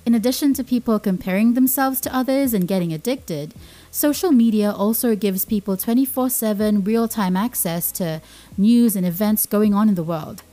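A woman's voice: mid-range voice, moderate pace, dark tone. A young woman hosting a podcast, speaking in a casual informative way, earnest and repeating her key points for emphasis. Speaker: podcast host.

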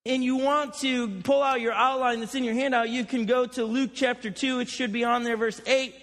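A man's voice: very high voice, fairly even intonation, normal speed, a bit bright. A man preaching a sermon, telling joking stories from his own life to a church crowd. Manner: chatty, joking storyteller. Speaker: pastor. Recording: long hall reverb.

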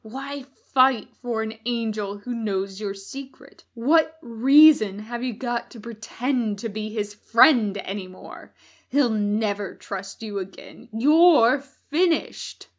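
A woman voicing a menacing male demon duke who speaks slowly and loudly, sneering with cold cruelty, in an audiobook reading. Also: medium pitch. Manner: slow, loud, hissing through teeth.

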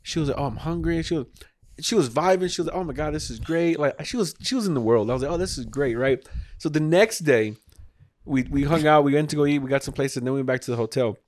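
A man's voice: fairly high pitch, fast talker, darkish tone, no room sound. A man hosting a podcast, telling a long casual story full of restarts and swearing, acting out his own quoted lines. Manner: rambling, acts out quotes, swears freely. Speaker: podcast host.

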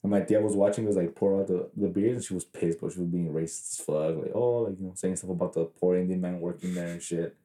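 Dude on a podcast, low voice, swears a lot, rambly stories, sounds echoey. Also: male voice, fairly even intonation, fast talker, hardly any pauses, dark tone. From Mexican heritage. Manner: profane, rambling storyteller full of fillers. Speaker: podcast co-host. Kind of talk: casual chat.

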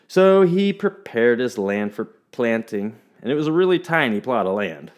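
A man telling a folk tale in an expressive, playful storytelling manner. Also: lowish voice, moderate pace, hardly any pauses.

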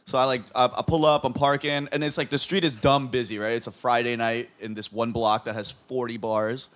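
A man telling a fight story in casual podcast chat, animated and full of swearing, acting out what people said. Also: mid-range voice, fairly quick. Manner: animated storyteller, swears a lot, acts out quotes. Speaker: podcast host.

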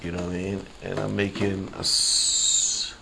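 Slow, deep-voiced man rambling on a podcast. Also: monotone, gravelly, pushed and bright, a little hiss or hum. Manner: rambling, repeats phrases, laughs at own jokes; slangy and conversational. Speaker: podcast host. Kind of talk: casual solo podcast monologue.

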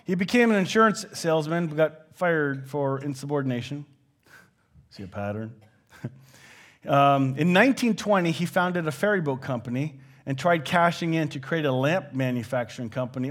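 A man's voice: on the high side, fairly quick. A man preaching a sermon in a conversational way, acting out quoted everyday phrases as he goes. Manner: conversational, with animated quoted asides. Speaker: pastor.

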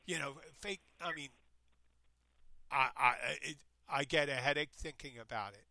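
A man with a very bright, forceful voice rambles through a story, stopping and starting as he goes. The sound is dry and close. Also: medium pitch, moderate pace, gravelly, dry recording. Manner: meandering, self-interrupting, animated retelling. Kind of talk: casual chat, rambling storytelling.

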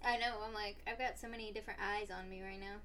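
A woman's voice: medium pitch, steady tone, fast, bright, forceful tone, a little hiss or hum. A woman co-hosting a casual podcast chat, goofy and teasing. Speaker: podcast co-host.

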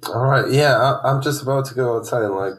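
A man's voice: medium pitch, brisk, over a noisy crowd. A laid-back, blunt man from Lithuania chatting casually on a group voice call. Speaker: castaway guest. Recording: roomy mic with noise.

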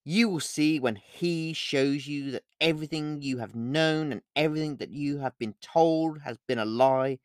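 A man doing a calm, menacing male werewolf. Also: on the high side, moderate pace, hardly any pauses, dry recording, clean studio sound, lightly acted. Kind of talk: audiobook reading.

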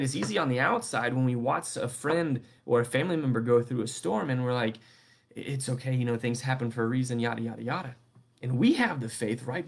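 A young adult man delivers a sermon in an easygoing, chatty way. His voice sits at an ordinary middle pitch, and he keeps checking in with the listeners. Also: breathy edge. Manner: conversational, keeps asking "right?". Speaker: preacher. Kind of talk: casual sermon.

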